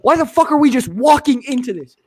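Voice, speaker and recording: A young man from Pennsylvania, a streamer, telling a story in casual chat with lots of swearing and animated energy. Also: extremely high pitch, brisk, a little hiss or hum.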